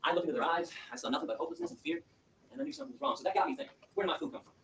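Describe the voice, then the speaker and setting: A man delivers an impassioned speech to a live audience. His voice sits high and he talks at a rapid, driving clip. The mic is some way off in a reverberant room, with a faint hiss underneath. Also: gravelly, recorded from a distance. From Michigan, USA. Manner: rapid, animated storytelling, driving and emphatic. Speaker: activist lecturer.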